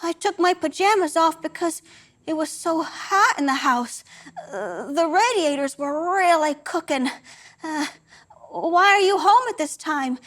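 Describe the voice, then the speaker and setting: A woman's voice: extremely high pitch, expressive, a little slow, a bit bright, voice pushed up, full character voice. A woman voicing her own younger self, a flustered teenage girl who stutters when caught out.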